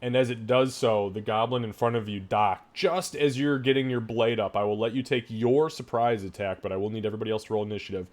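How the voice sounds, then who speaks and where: Male game master, lowish voice, online session, hesitant, filler-heavy delivery. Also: steady tone, darkish tone. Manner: halting, lots of fillers and restarts while narrating. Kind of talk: running a tabletop game online.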